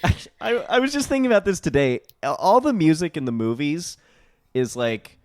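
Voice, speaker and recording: Male podcast guest, animated pitch, dry close mic, wry and jokey. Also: fairly quick, no room sound. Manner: wry, jokey, sings snippets in a silly voice. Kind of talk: casual chat.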